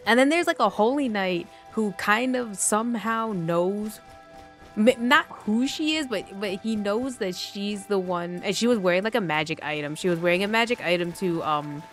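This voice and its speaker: A woman's voice: mid-range voice, animated, normal speed, a bit bright, soft background music. Rambling woman streamer, lots of "like". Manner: rambling, filler-heavy, uses "like" constantly; slips into quoted voices of characters. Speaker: gaming streamer. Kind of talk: casual retelling of a game story on stream.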